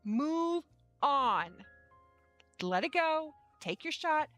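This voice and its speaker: A woman's voice: high-pitched, sing-song, drawn-out words, fairly bright tone, faint music behind, pitched above the performer's own voice, exaggerated voice. A woman putting on a jokey dad figure who calls the listener sport and hands out folksy advice. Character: jokey middle-aged dad giving advice.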